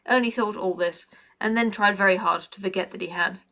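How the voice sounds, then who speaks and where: A woman reading a novel aloud with a bright, keen voice at a middling pitch. Her storytelling is lively and even. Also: fairly quick, gravelly. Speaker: reader.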